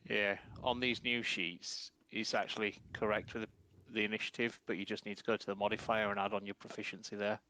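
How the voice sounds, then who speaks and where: A man's voice: lowish voice, little pitch movement, a little fast, few pauses, bright, forceful tone, a little hiss or hum, rough recording. A man playing in a tabletop role-playing game, helpfully explaining character-sheet details to another player. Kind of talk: casual tabletop game chat.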